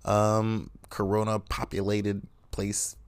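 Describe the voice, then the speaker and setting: Man, podcast host, profane sarcastic rambling monologue, dry close recording, low voice. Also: monotone, slow pace, clean tone, no echo. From United States. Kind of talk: casual comedic monologue.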